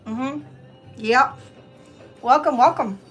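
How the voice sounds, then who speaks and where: High-voiced chatty woman crafter. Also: takes it slowly, slightly rough, soft background music. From Tampa area, Florida, US. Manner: chatty and digressive, often addresses viewers as y'all. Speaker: craft channel host. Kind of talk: live-stream gift-wrapping tutorial.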